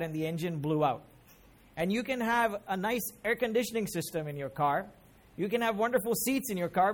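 A middle-aged man preaching a sermon as pastor, emphatic, with rising questions put to the congregation. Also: high-pitched.

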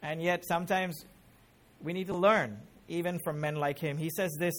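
A man's voice: on the high side, steady tone, normal speed, fairly bright tone. A middle-aged man preaching a sermon as pastor, emphatic, with rising questions put to the congregation.

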